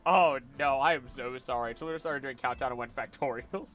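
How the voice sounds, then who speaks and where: A young man chatting casually with his live-stream audience, animated and exclaiming, laughing often. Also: mid-range voice, a little fast, soft background music.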